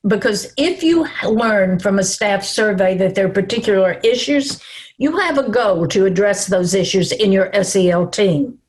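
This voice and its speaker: Older Southern-accented woman, webinar presenter, slow calming cadence, slightly husky. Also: medium pitch. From American South. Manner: slow, calm, reassuring.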